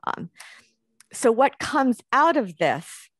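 A woman's voice: a little high, big pitch swings, slow pace, no room sound. A woman, giving an academic lecture in a conversational way, thinking aloud with fillers and restarts. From United States.

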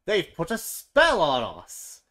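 Storybook figure: reader doing angry jungle beasts, loud, slow and growling. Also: medium pitch, close to an everyday voice. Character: angry jungle animals in chorus. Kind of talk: storybook read-aloud.

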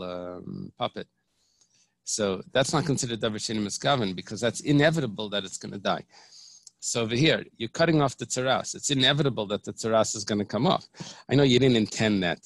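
A low-pitched man with a gravelly edge to his voice teaches a Talmud lesson. He explains patiently and thinks aloud, repeating and restarting phrases as he works through each point. The recording is close and dry, with no room sound. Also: no echo. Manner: explanatory, repeats and restarts, mixes Hebrew terms. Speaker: rabbi teaching daily Talmud page.

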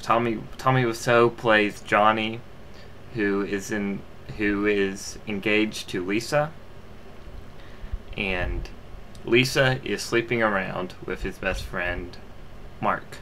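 Young male amateur reviewer, bright tone, loose unscripted rambling. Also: on the low side, steady tone, slow pace, slight background noise. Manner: rambling, full of fillers and restarts. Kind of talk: casual movie review.

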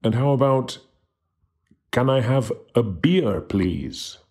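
A man giving a scripted language lesson who slowly and carefully demonstrates how to pronounce each word. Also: medium pitch, expressive, darkish tone. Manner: slow, careful demonstration of pronunciation. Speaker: language teacher.

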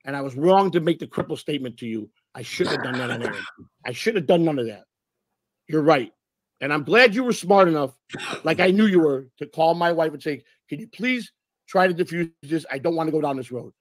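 A man's voice: a little high, lively intonation, fairly quick, no room sound. A man giving a rambling, defensive apology in a played clip. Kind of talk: recorded apology.

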